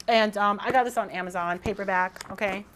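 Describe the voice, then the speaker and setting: A woman in her thirties talking casually to camera as a vlogger, excited and rambling, with frequent restarts. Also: medium pitch, normal speed, slight background noise.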